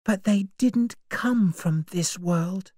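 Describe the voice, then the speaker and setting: A woman's voice: mid-range voice, slow, dark tone, no echo, studio quality, voice pushed up. A woman voicing a frightened young woman in an audiobook reading, speaking anxiously and pleadingly. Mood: uneasy. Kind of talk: storybook reading.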